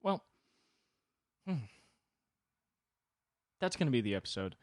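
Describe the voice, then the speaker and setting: A man hosting a solo podcast, rambling with wry deadpan humor and sudden jumps in pitch. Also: slow pace, no echo, studio quality. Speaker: podcast host.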